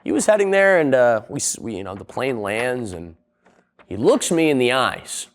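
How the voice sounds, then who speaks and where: A man's voice: mid-range voice, sing-song, moderate pace. A young man hosting a casual comedic video essay, rambling and sarcastic, with plenty of swearing. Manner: profane, rambling, sarcastic storyteller.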